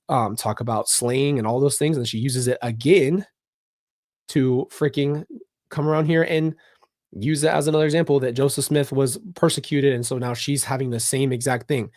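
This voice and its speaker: A man's voice: medium pitch, a little mellow, no echo. Frustrated man talking bluntly, dry sound. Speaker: channel host. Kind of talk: casual commentary vlog.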